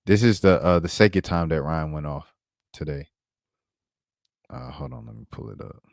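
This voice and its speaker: A man giving a casual basketball recap on his vlog, animated and slangy, talking while he pulls up clips. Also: low voice, moderate pace, creaky, no echo, clean studio sound. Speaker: basketball commentator and vlogger.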